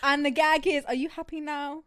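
A young woman, co-hosting a casual podcast and trading quick teasing banter. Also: sits high, fairly even intonation, a bit bright, dry recording, clean studio sound. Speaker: podcast co-host. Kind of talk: casual chat.

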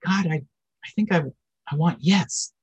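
A man's voice: high-pitched, a little slow, a little mellow, husky, voice pushed up, exaggerated voice. A man voicing a hesitant devout man who answers an angel in a told joke. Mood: earnest.

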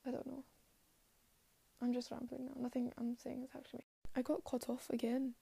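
A teenage girl rambles in a put-on Scottish accent with a dark, gravelly, fairly high voice that stays flat in tone. She talks down her own show and slips into hushed murmurs. The sound is close and dry. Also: brisk, no room sound. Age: late teens. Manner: rambling and self-deprecating, trailing into soft murmurs. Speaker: podcast host. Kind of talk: casual solo rambling.

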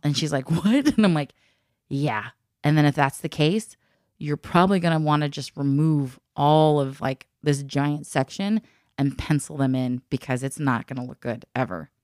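A woman's voice: deep voice, fairly even intonation, normal speed, darkish tone, no echo, clean studio sound. A woman in casual chat who tells stories at length, laughs often and acts out the people she quotes.

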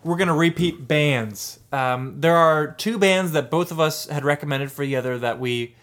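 A young man from Pittsburgh co-hosting a podcast, chatting casually and joking with a relaxed, laughing manner. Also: fairly high pitch, moderate pace. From Pittsburgh, USA. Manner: jokey, laughs often, relaxed banter. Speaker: podcast co-host. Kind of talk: casual chat.

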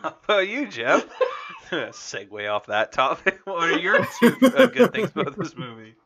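A man in a casual movie chat who teases his friend in a lively way and swears. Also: on the high side, normal speed, heavy background noise. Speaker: podcast co-host.

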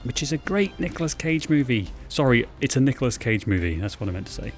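A man's voice: medium pitch, very animated, fast, faint music behind. A man co-hosting a casual movie podcast, joking and teasing his co-host and laughing often. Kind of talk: casual chat.

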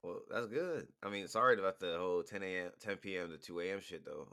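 A man's voice: deep voice, fast talker, bright, forceful tone. A tipsy young man chatting casually with laid-back slang, teasing and apologetic by turns. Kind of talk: casual chat.

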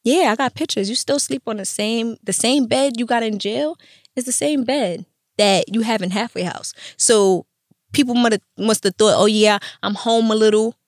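Animated young woman, street slang. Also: a little high, normal speed, dry recording, clean studio sound. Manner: animated, profane street slang, acts out quotes. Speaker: guest. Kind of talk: candid storytelling interview.

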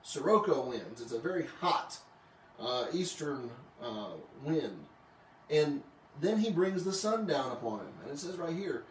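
A man hosting a casual Bible study, reading scripture aloud and joking about it in an animated way. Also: fairly high pitch, moderate pace, slight background noise. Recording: roomy, distant mic with faint ambience.

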